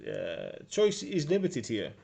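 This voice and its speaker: A man's voice: medium pitch, wildly swooping pitch, takes it slowly, vocal fry, darkish tone, heavily acted. A man doing a shrewd Russian woman doctor. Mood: businesslike. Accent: put-on Russian. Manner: formal, hesitant, businesslike upselling.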